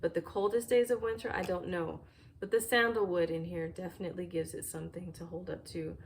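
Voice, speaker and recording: A woman reviewing fragrances in a casual, thoughtful way, often pausing with "um" while searching for words, at home near a fireplace. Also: lowish voice, fairly even intonation, a little hiss or hum.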